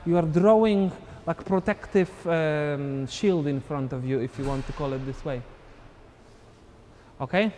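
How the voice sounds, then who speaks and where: A man's voice: on the high side, measured pace, a little mellow, long reverb tail, slight background noise. A man teaching a live online dance class, counting beats and scatting the steps aloud as he demonstrates. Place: dance studio.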